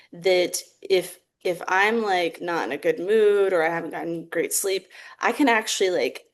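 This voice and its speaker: A young woman speaking on a podcast in a low-pitched, reflective voice. She talks casually, with plenty of "like" fillers, and laughs easily between thoughts. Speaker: therapeutic theatre practitioner, podcast guest.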